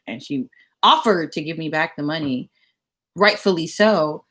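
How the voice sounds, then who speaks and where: A young adult woman telling a story as a rant to her vlog audience, animated and sassy, repeating words for emphasis. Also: low voice, unhurried. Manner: sassy, mocking asides. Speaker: vlogger.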